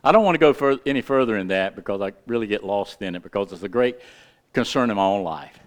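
A middle-aged male pastor preaching a sermon, with lively asides and questions to his congregation. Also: lowish voice, fast.

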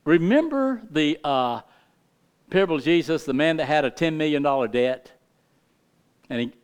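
A middle-aged male pastor preaching a sermon with impassioned emphasis, his delivery swinging between loud, rising lines and hushed, quiet ones. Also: fairly high pitch, lively intonation, moderate pace, smooth.

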